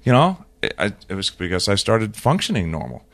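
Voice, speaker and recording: A man on a podcast, talking casually as an animated storyteller who often repeats and restarts his words. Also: deep voice, fast talker. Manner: animated storyteller who acts out quoted dialogue. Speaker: podcast guest. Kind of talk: casual conversation.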